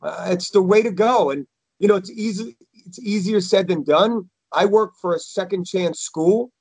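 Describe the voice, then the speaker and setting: Man, casual guest, halting, eager, dry close sound. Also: high-pitched, a little mellow, slightly rough, no room sound. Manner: halting, repeats words, enthusiastic. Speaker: podcast guest, school worker. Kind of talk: casual chat.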